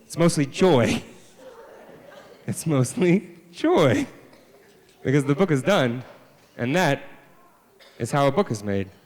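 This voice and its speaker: A man, a children's author, telling a story live to a family audience, swinging from hushed deadpan asides to loud exclamations. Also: mid-range voice, moderate pace, long pauses, long reverb tail. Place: library event space.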